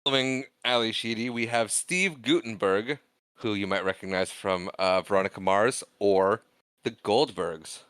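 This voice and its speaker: A man with a fairly low pitch and a clean, fairly bright tone speaks at normal speed while co-hosting an easygoing movie podcast. He laughs often, makes fun of himself and reads out the credits, recorded dry.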